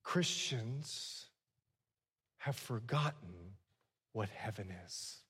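A man preaching a sermon to a congregation, swinging from hushed lines to loud ones and slipping in humorous asides. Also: on the low side, animated, very slow, husky, long reverb tail. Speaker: pastor.

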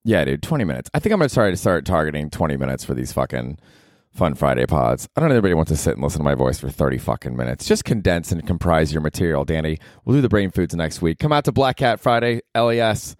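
Low-voiced sarcastic man hosting a podcast. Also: fast talker, no echo, clean studio sound. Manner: sarcastic, swears a lot, animated asides. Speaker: podcast host. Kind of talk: casual comedic monologue.

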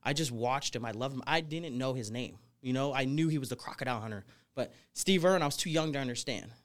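Fast-talking and mid-range in pitch, the young podcast guest tells his life story as a snake wrangler. It's casual and high-energy, meandering, and thick with "you know" and "like."

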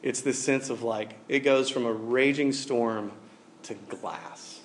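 A man in his forties preaching a sermon in a casual, animated way, with lots of fillers as he tells stories. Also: medium pitch, slow, a little hiss or hum. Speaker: pastor. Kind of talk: conversational sermon.

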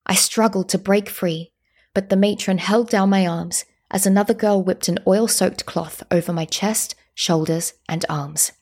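Breathy woman narrating a story. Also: lowish voice. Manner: calm, measured storytelling. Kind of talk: first-person story narration.

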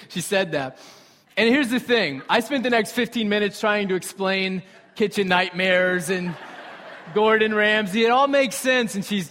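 A young man preaching a sermon with animated storytelling and conversational asides to the congregation. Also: high voice. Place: church sanctuary. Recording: reverberant hall.

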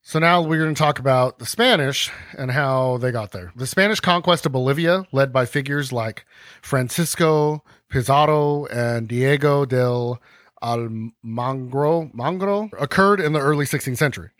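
A man's voice: medium pitch, normal speed, a bit bright, dry recording. A man hosting a podcast, explaining history casually, ranting and acting out scenes in comic voices. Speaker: podcast host.

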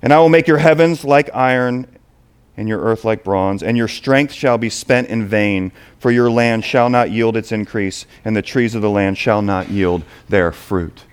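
Animated male preacher. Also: lowish voice, moderate pace, smooth. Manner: animated, swings between quiet asides and loud emphasis. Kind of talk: sermon.

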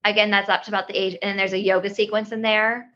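A woman's voice: medium pitch, flat delivery, quick pace, bright, forceful tone, lo-fi sound. A woman in her thirties, a yoga teacher guest on a podcast, explaining things in a rambling way with many restarts. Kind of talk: casual interview talk.

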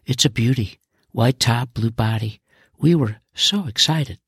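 A man's voice: medium pitch, a little slow, fairly bright tone, breathy edge, dry recording, clean studio sound, heavily acted. A man doing an eager young boy.

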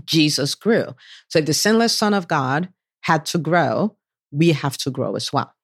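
A woman preaching a sermon on a Bible story, animated, often jumping up in pitch to act out voices. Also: measured pace, breathy edge, dry recording, clean studio sound. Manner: animated, acts out voices of God and listeners with big pitch jumps.

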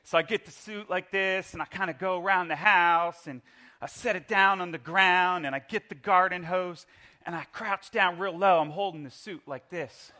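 A middle-aged man preaching a sermon in church, telling a lively personal story and leading the congregation in call-and-response. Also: high voice, normal speed. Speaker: pastor. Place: church service.

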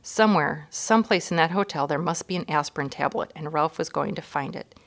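A woman reads a children's chapter book aloud, calm and measured with gentle expression. Her voice sits a little low. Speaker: guest reader. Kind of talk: children's storybook reading.

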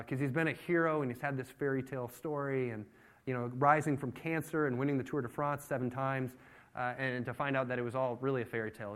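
A man preaching a sermon, retelling a story with acted-out voices and sudden loud outbursts. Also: mid-range voice. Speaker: pastor.

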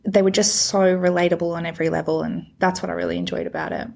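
Gravelly-voiced woman. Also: lowish voice, level tone, quick pace, darkish tone. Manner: agreeable, frequent "yeah". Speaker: book club podcast panelist. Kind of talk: casual chat.

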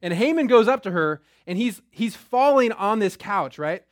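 A man's voice: sits high, expressive, normal speed, no echo, studio quality. A young man teaching a Bible story in a casual style who keeps checking in with "right?". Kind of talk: lively Bible lesson.

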